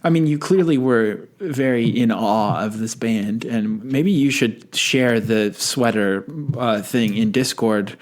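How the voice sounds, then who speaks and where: A man's voice: mid-range voice, slow, few pauses. A man co-hosting a casual podcast over a call, teasing and playful, laughing often. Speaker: podcast co-host. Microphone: remote call mic.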